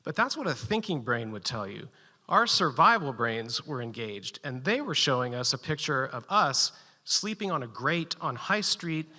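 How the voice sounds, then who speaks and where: A man telling a personal story live at a story slam, animated and building suspense with short, punchy sentences. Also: medium pitch, moderate pace, in a large hall.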